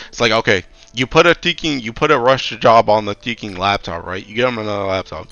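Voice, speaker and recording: A man's voice: lowish voice, fast, hardly any pauses, bright, forceful tone, no room sound. A young man streaming, ranting about tech support in a loose, slangy, exasperated way. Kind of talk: casual chat.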